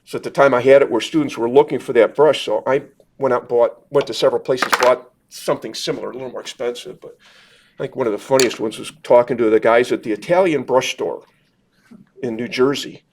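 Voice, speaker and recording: A man's voice: medium pitch, brisk. A man teaching a live watercolor demonstration, chatting in a rambling, self-deprecating way with lots of fillers while answering questions from the group. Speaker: watercolor instructor. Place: meeting room at a club gathering.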